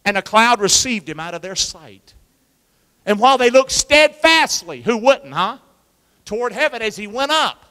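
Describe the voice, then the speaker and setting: Animated high-voiced preaching man. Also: moderate pace. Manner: energetic, coaxes the congregation to repeat lines; uses football pep-talk imagery. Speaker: pastor. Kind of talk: animated call-and-response sermon. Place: church sanctuary with a congregation. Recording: long reverb of a large church hall.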